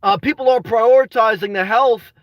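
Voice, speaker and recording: Young guy ranting on a live stream, high voice, says man every other sentence, dry close sound. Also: moderate pace, no room sound, recorded from a distance, dull audio. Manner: restless, says "man" constantly, swings to shouting. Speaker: vlogger reading live chat. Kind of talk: emotional livestream chat.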